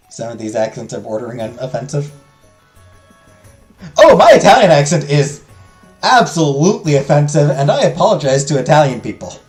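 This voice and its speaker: Joking man with lively voice. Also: fairly high pitch, moderate pace, pauses often. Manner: joking asides, sarcastic. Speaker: let's play host. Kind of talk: casual commentary. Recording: echoey room, faint music.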